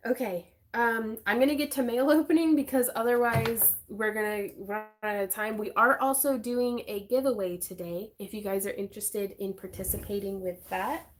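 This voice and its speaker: A woman hosting a craft livestream, chatting casually in a bubbly, excitable way with frequent giggles. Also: on the high side, normal speed, few pauses, a little hiss or hum.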